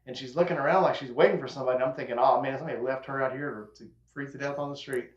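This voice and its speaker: A man's voice: medium pitch, fairly even intonation, racing. Man telling a story in an echoey room. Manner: drawling storyteller acting out quotes. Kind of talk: casual storytelling chat. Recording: echoey room, dull lo-fi sound.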